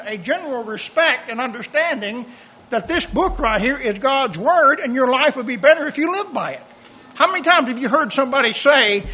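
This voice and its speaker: Animated folksy preacher man. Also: extremely high pitch, husky, highs cut off. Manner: folksy, animated, joking asides. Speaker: pastor. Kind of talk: sermon.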